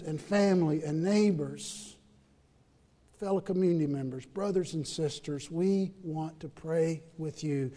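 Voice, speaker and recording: A man preaching a sermon in a church, rising to loud emphatic peaks and dropping to hushed asides. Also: on the high side, measured pace, in a large hall. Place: church building during a worship service.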